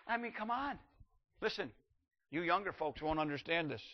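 An older man preaching a sermon, animated, shouting out acted quotes and slowing down to read scripture. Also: high voice, dull audio.

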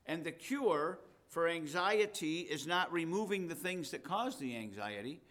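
A man's voice: fairly high pitch, animated, unhurried, fairly bright tone. A man, the pastor, preaching a sermon in a conversational way and reading scripture with rising emphasis.

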